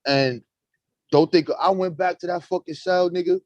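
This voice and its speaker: A man hosting a live stream, talking in animated, profane street slang and acting out courtroom exchanges. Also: high-pitched, normal speed, no room sound, highs cut off. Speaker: host. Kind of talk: casual live-stream chat.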